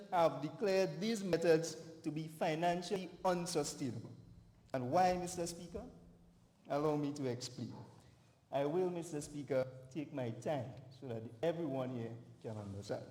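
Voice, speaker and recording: Young man, Grenadian accent, high voice, emphatic debate speech, roomy hall with long reverb. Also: a little mellow. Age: young adult. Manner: emphatic, deliberate, stresses words. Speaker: youth parliament opposition member. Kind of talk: formal parliamentary debate speech. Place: large parliament chamber. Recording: echoey chamber with long reverb.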